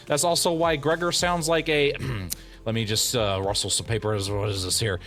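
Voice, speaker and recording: A man's voice: medium pitch, expressive, fairly quick, a bit bright, soft background music. A young man in casual, rambling comedic talk, full of fillers and jokes. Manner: rambling, lots of 'like', jokey. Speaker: comedy dub creator. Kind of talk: comedic parody dub.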